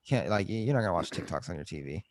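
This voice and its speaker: Deep-voiced young man, loose and profane. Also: expressive, very fast, dry recording. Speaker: podcast co-host. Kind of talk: casual chat.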